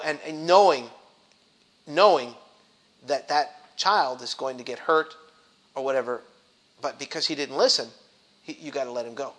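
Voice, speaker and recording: A man's voice: a little high, bright, forceful tone. A middle-aged man leading an informal Bible study, talking animatedly with many restarts and acting out grumbling voices.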